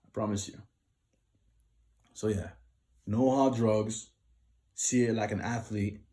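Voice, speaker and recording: A man talks viewers through his singing advice in a relaxed, unhurried tutorial vlog. His voice sits a little low and sounds mellow and dark. He speaks to the audience directly and breaks his points into simple numbered steps. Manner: explains in short lists, addresses viewers directly. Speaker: singer giving vocal tips.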